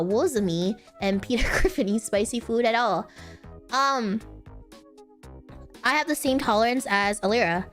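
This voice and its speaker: A young woman streamer answering viewer questions in a casual, rambling chat, often breaking into high giggles. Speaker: virtual streamer.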